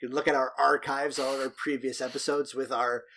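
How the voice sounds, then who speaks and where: A man's voice: mid-range voice, level tone, a little fast, bright, forceful tone. A man co-hosting a movie podcast in casual, joking chat, swearing freely. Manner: joking, profane, loose. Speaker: podcast co-host.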